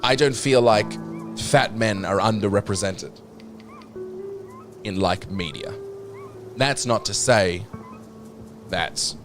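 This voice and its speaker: A British man streams a game in loose, profane banter, reading chat messages aloud between jokes. His voice runs fairly low. Music plays clearly underneath. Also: takes it slowly, pauses often. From Britain. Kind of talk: casual gaming commentary. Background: background music.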